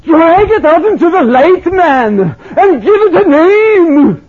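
A man putting on a thundering old Welsh preacher, pitched high and emphatic as he drives each word home. The sound is thin and tinny, like a phone line. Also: very animated, slow, heavily acted. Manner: booming, emphatic, leaning over the pulpit. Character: elderly Welsh preacher exhorting his flock.

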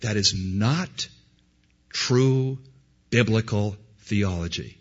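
A man preaching a sermon, swinging between loud emphasis and quiet asides. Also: lowish voice, very slow. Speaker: pastor. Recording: dull lo-fi sound.

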